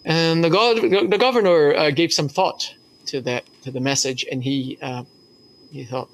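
A man's voice: fairly high pitch, unhurried. A man preaching a sermon as pastor, telling a story earnestly with hesitations.

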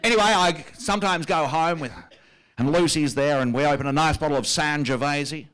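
A man's voice: on the high side, a little fast, fairly bright tone, clean tone, natural voice. A man with an Australian accent doing a stand-up impression of a pompous, self-satisfied wealthy prime minister, speaking in a smug, drawling, self-amused way on stage. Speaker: comedian.

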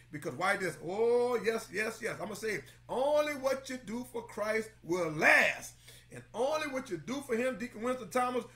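A male pastor teaching scripture with a high, swooping voice that rises and falls dramatically. He exclaims constantly, calls out congregants by name and repeats key phrases for emphasis. Now and then he breaks into a line of a song. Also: a bit bright. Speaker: pastor teaching Bible study. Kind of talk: lively sermon-style Bible lesson.

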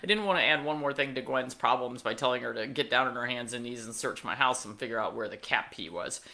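A woman's voice: extremely low pitch, quick pace, sharp tone. A middle-aged woman hosting a pet podcast, telling a casual story with wry asides and plenty of fillers. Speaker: veterinarian podcast host.

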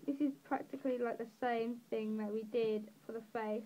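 Narrating as she colours, an English teenager with a southeast accent chats loosely through her drawing tutorial, giggling and poking fun at herself. Her voice is on the high side and steady, at a moderate pace. The audio is dull with a little hiss or hum.

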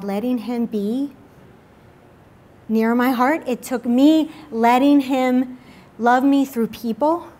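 A woman's voice: a little high, a little mellow. A young woman giving an earnest personal testimony at a church service, talking in a confessional way with lots of filler words. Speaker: speaker at a church midweek service.

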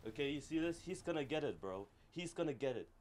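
A young man streaming a video game, chatting casually with viewers, excitable, slangy and quick to shout and laugh. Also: on the high side. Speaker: gaming streamer. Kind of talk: casual livestream chat over gameplay.

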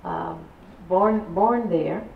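A woman's voice: on the low side, drawn-out words, gravelly, slight background noise. Chatty older woman telling local history. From San Antonio, Texas. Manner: chatty and rambling, with laughs and restarts. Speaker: community speaker. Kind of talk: storytelling talk to an audience. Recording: echoey, distant, dull room recording.

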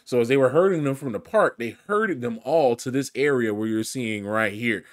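A man's voice: medium pitch, normal speed. A man giving casual, chatty commentary over news footage, often repeating words as he talks. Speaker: video commentator.

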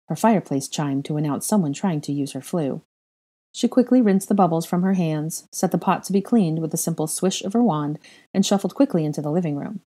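Low, mellow woman reading a story. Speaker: fan fiction reader. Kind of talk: audiobook-style narration.

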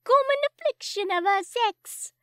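A woman voicing a scornful male police sergeant in a put-on Cockney accent that she calls high-pitched and weird. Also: animated, a little slow, pushed and bright, dry recording, clean studio sound, heavily acted.

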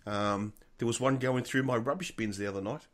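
A man's voice: medium pitch, brisk. A man with an Australian accent co-hosting a casual chat, rambling and laughing as he restarts his sentences. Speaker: co-host.

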